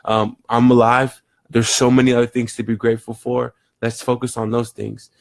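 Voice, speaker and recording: A man's voice: mid-range voice, flat delivery, normal speed, gravelly, dry recording, studio quality. A man giving an earnest, rambling motivational monologue, often repeating words as he thinks aloud. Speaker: motivational vlogger. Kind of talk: reflective casual monologue.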